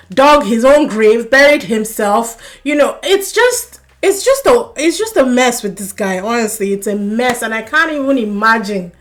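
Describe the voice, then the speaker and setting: A young woman giving a casual, animated review of a reality dating show, swearing and laughing when she gets worked up. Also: fairly high pitch.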